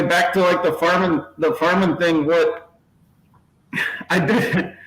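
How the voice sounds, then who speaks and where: A man's voice: medium pitch, a bit bright. A man chatting casually on a video call from his small workshop office, telling a long story, stopping to laugh and putting on voices. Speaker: channel host. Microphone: laptop. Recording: echoey room.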